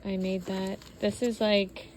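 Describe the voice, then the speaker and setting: A woman talking to her camera at home in a loose, rambling way, her words full of fillers as she goes through old keepsakes. Her voice sits at an ordinary middle pitch, and a faint hiss of room noise stays underneath. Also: little pitch movement, slow pace, a little mellow. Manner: rambling and heartfelt, many "like" fillers. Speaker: vlogger. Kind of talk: casual personal vlog. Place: home while sorting belongings.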